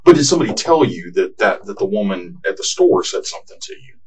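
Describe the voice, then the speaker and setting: A man's voice: lowish voice, very animated, fast, darkish tone. A man questioning a suspect as a police detective, patient and probing, repeating questions to pin down details. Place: police interview room. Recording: distant mic in an interview room.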